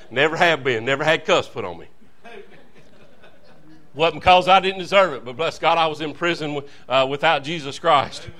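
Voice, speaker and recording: Fervent preacher man, bright voice. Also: a little high. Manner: fervent, folksy, calls to the congregation. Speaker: visiting preacher. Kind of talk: revival sermon.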